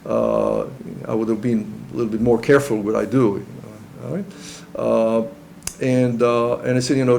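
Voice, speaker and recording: A middle-aged man from Serbia, giving a personal testimony in an interview. He talks in a halting, earnest way with many restarts. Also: medium pitch, expressive, creaky, darkish tone, a little hiss or hum.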